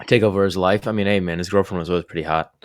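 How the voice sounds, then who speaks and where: Laid-back man with a lowish voice. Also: fairly even intonation, racing, dry recording, clean studio sound. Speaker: player. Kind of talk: casual chat with friends while gaming.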